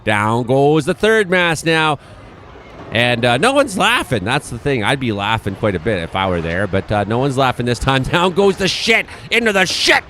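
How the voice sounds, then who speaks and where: A man's voice: medium pitch, very animated, normal speed, bright, forceful tone, slight background noise. A man in his forties, hosting an irreverent comedic news commentary with chuckles and swearing. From Canada. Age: 40s. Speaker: host.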